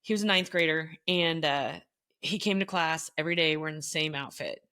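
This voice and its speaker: A middle-aged woman with a bright, vivid voice, talking through classroom memories as a guest on a conversation show. She tells her stories with energy, slipping into the voices of the people in them. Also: sits low, brisk. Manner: animated, acts out quoted voices. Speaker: guest, former teacher. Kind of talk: storytelling in casual conversation.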